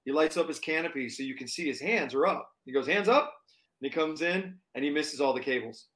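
Animated storytelling man. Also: a little high, fast talker. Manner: animated, lots of fillers and restarts, acts out quotes. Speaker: touring performer guest. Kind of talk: casual storytelling.

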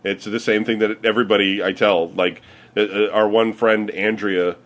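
A man's voice: fairly low pitch, normal speed. A man with a Midwestern American accent telling rambling, profane stories to friends, laughing and acting out the people in them. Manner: swearing, laughing storyteller with lively quoted voices. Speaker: podcast regular. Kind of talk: casual storytelling among friends.

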